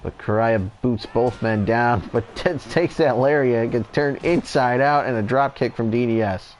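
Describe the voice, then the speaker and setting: A man doing relaxed, chatty play-by-play commentary over a wrestling video game, going off on tangents now and then. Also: mid-range voice, unhurried, slight background noise.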